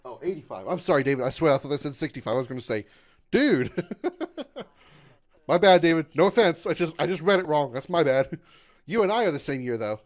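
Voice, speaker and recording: A man's voice: a little high, animated, fast. Man in his thirties chatting on a game stream. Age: 30s. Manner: sarcastic, swears, reads chat aloud; yelps loudly when in danger in the game. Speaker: gaming livestreamer. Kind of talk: casual gaming stream chat.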